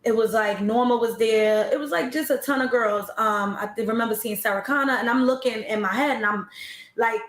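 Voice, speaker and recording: A woman's voice: a little high, fairly quick, echoey room. A woman battle rapper telling her story in a casual interview, laid-back and slangy with lots of fillers.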